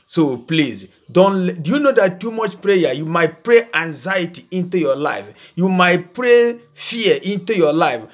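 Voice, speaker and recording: A man gives an informal video sermon, repeating words in emphatic bursts and pausing with hesitant fillers. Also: sits high, very animated. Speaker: preacher and channel host.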